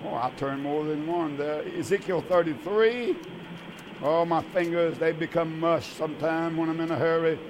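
A man's voice: a little high, fairly even intonation, moderate pace, background noise. An older man, hosting a religious radio call-in show as pastor, emphatic and repetitive. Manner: warm, emphatic, repetitive preacher's talk.

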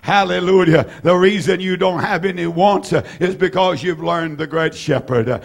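A man in his seventies preaching an evening sermon in a fervent, repetitive way with bursts of shouting and frequent "uh" fillers. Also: on the high side, vocal fry, slightly rough. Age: 70s.

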